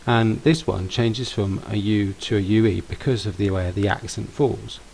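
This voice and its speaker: A man's voice: on the low side, steady tone, normal speed, gravelly, darkish tone, a little hiss or hum, rough recording. A man teaching grammar to pupils in a patient way, stressing and repeating words. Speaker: language teacher.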